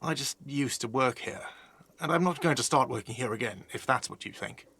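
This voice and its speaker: A man's voice: mid-range voice, expressive, a little fast, bright, forceful tone, breathy edge, heavily acted. An actor playing a prickly middle-aged male cafeteria manager in a video game, irritable and defensive. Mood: grumpy.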